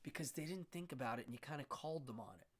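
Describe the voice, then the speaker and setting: A man's voice: a little high, racing, breathy edge. A man from Pennsylvania, a stage magician, hosting a casual livestream and chatting with viewers in a loose, chuckling way. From Pennsylvania, USA. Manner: chatty, answers viewer comments, chuckles often.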